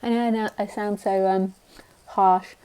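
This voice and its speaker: Blunt woman teacher, mellow voice. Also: mid-range voice, steady tone, a little slow, smooth. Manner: blunt, direct, mocks the mind with silly voices. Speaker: spiritual teacher. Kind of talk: live spiritual talk.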